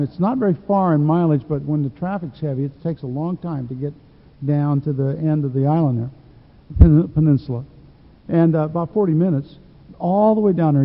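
A man's voice: a little high, in a large hall, muffled recording. A man preaching a sermon, telling stories in a folksy way, with frequent restarts. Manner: folksy storytelling with repeated restarts.

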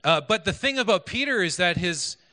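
A male preacher gives a sermon with a bright, forceful voice that sits a little high. He speaks conversationally, putting questions to the congregation and making joking asides. The sound carries a long echo from a large hall. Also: expressive, a little fast. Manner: conversational, asks the audience questions, self-deprecating asides. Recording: echoey hall.

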